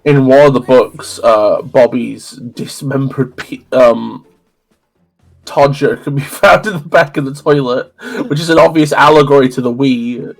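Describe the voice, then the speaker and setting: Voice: mid-range voice, measured pace, creaky, soft background music, poor audio. A streamer rambling through a story in casual chat while gaming, with many restarts.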